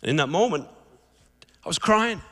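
A man's voice: a little high, normal speed. A man giving a sermon as a guest preacher, telling stories animatedly and acting out the characters in them. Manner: animated storytelling, acts out the characters. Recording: echoey hall reverb.

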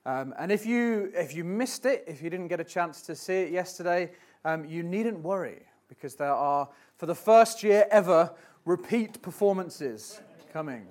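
A young man, an assistant pastor, giving church notices and thanks in a halting, conversational way. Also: sits high, expressive, a little mellow. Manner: halting and conversational, with frequent restarts.

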